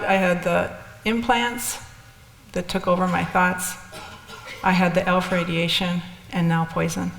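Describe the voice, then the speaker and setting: A woman's voice: on the low side, gravelly, a little hiss or hum. An older woman telling her personal story in a candid, rambling way, with restarts and asides. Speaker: speaker sharing experiences. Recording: echoey hall with long reverb.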